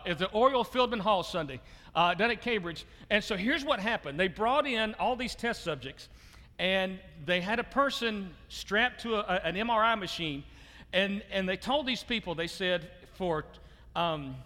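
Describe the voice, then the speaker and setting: A man's voice: sits high, lively intonation, normal speed, bright, forceful tone, long reverb tail. A man preaching a sermon to his church in a loose conversational way, repeating words as he restarts and chuckling often. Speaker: pastor. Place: church sanctuary.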